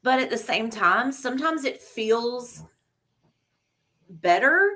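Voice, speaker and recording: A woman's voice: fairly high pitch, expressive, slow, sharp tone. A woman joining a live stream as a guest, chatting casually in an easygoing, agreeable way. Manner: easygoing, agreeable, laughs along. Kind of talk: casual chat.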